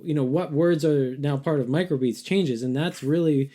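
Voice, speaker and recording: A man hosting a podcast in casual conversation, relaxed and thinking aloud. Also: fairly high pitch, normal speed, a little hiss or hum. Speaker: podcast host.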